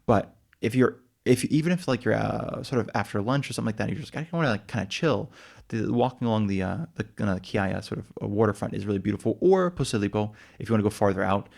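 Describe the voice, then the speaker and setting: A man's voice: fairly low pitch, quick pace, vocal fry, hardly any pauses, darkish tone. An American man co-hosting a casual travel podcast, rambling with lots of fillers and restarts. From United States. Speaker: podcast co-host.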